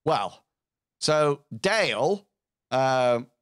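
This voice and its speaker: A man runs a tabletop game at an unhurried, deliberate pace. He narrates haltingly, with plenty of ums and pauses between phrases. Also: medium pitch, very animated, a bit bright, smooth. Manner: hesitant, with many fillers. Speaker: game master.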